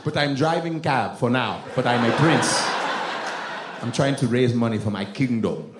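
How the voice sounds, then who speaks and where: A man voicing a pompous cab driver who insists he is a prince, speaking slowly. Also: mid-range voice, heavy background noise, natural voice. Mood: boastful. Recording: roomy club with crowd laughter.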